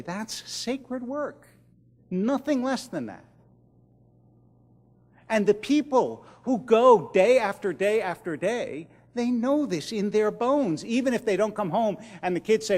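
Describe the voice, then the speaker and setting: Expressive man telling stories to a crowd. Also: high voice, in a large hall. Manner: dramatic pauses, drops to a hush at key lines. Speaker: rabbi giving a keynote speech. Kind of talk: storytelling speech to an audience. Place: large event hall.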